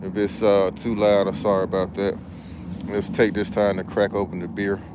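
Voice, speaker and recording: A man with a fairly low voice talks through a casual outdoor vlog, laid-back and slangy, drifting from point to point. He speaks as a business credit consultant. A faint hum of outdoor noise sits behind him. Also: little pitch movement, normal speed. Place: outdoors in a backyard hammock. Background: faint outdoor ambience with passing planes.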